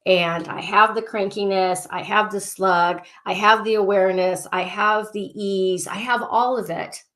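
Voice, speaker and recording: Excitable woman life coach. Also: medium pitch, measured pace. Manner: excitable, repeats phrases and clearing statements. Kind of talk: coaching session, casual and repetitive.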